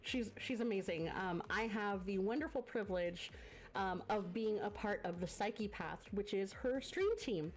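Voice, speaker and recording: Measured and medium-pitched, this woman hosts a guest on her variety stream and chats with live viewers. She sounds congested from a cough through her desk mic and pours out thanks with plenty of fillers.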